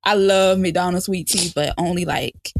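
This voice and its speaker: A young adult woman chats loosely on a podcast, loud and lively. She swears freely and laughs often. The recording is dry and close. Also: lowish voice, unhurried, no echo. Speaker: podcast co-host. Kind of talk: casual podcast chat.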